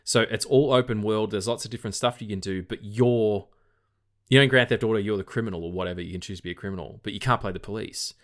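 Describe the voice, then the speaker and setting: A man's voice: on the low side, fast. A tired man with an Australian accent, co-hosting a film podcast in a rambling, casual way. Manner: rambling, with frequent restarts and swearing. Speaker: podcast co-host. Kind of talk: casual chat.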